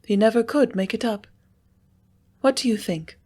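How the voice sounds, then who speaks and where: A woman voicing a passionate young ranch woman in an audiobook, speaking in a tremulous, halting, breathless way. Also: fairly high pitch, a little mellow, breathy edge, pitched above the performer's own voice. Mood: insistent. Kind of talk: audiobook character reading.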